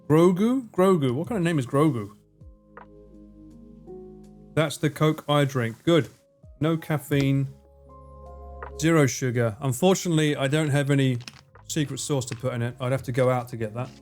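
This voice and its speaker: A man's voice: mid-range voice, a little mellow. A man from the UK, chatting casually on a gaming livestream, joking, swearing freely and laughing a lot. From United Kingdom.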